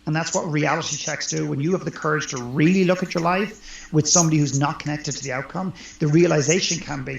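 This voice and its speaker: Quick-paced and creaky, a man with a voice on the high side talks earnestly and emphatically as a life coach in a conversational interview. The recording is roomy, dull and lo-fi, with slight background noise.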